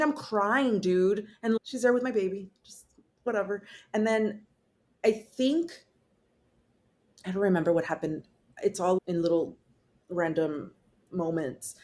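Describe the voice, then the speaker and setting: Blunt, slangy woman telling her story. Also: medium pitch. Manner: blunt, swears freely, casual slang; rambling with fillers, acting out quotes. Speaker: podcast guest. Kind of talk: candid personal storytelling.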